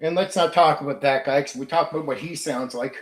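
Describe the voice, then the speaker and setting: The host here is a middle-aged man whose fairly high voice moves at a brisk clip, with noticeable reverb. He uses his casual livestream to rant, venting bluntly and swearing a great deal.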